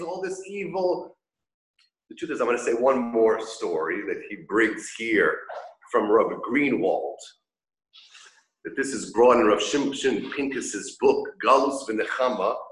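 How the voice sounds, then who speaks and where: Animated man teaching a Torah lecture. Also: medium pitch. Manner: animated storyteller, acts out characters. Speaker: rabbi teaching a class. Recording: echoey room.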